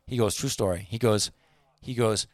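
A man's voice: on the low side, normal speed, no room sound, studio quality. A man telling a long anecdote in casual chat, rambling with many fillers and restarts and acting out the people he quotes.

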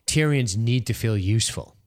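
A man's voice: mid-range voice, expressive, normal speed, no echo. A young man co-hosting a casual podcast, reading listener comments aloud, laughing often and swearing freely. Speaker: podcast co-host.

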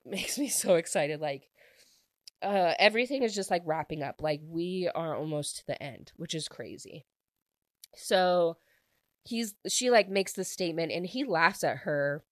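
A woman's voice: on the low side, no echo, studio quality. Gushing young woman recapping a book. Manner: gushing, fast, constant filler "like". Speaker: book reviewer. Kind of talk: excited casual book recap.

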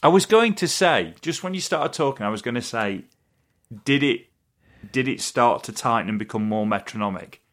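A man co-hosting a podcast who breaks into the chat with quick questions. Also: mid-range voice, lively intonation, fairly bright tone. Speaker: podcast co-host. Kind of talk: casual chat.

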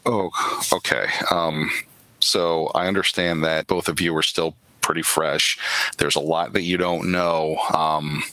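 A man's voice: rumbling low, flat delivery, a little slow, bright, forceful tone, dry recording, heavily acted, rough recording. A man playing a stammering, awkward young guy. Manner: hesitant, stammering. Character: awkward young man in black, college-age. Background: background music.

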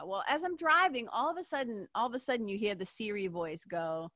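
A woman in her fifties from Massachusetts, rambles through a personal story on her podcast. Her voice is bright and forward. She leans on "like", swears freely and laughs, and the sound is dry and close. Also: on the high side, expressive, fast, hardly any pauses, no echo. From Massachusetts, USA. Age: 50s. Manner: rambling, heavy "like" fillers, swears, laughs often. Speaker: podcast host.

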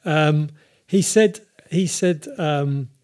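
A man co-hosting a podcast, chatting in a laid-back, halting way. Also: on the high side, darkish tone. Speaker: podcast co-host. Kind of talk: casual podcast chat.

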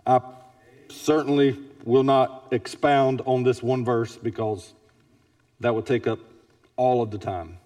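A senior pastor preaching a sermon. He shifts from quiet asides to loud, emphatic peaks. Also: steady tone, measured pace. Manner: dynamic preacher, swings between soft asides and loud high-pitched emphasis. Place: church sanctuary. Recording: reverberant church hall.

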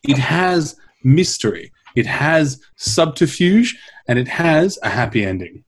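A man telling a comic science story on a podcast, wry and animated, swearing for laughs. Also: a little high, a little slow, slightly rough. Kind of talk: casual comedic science chat.

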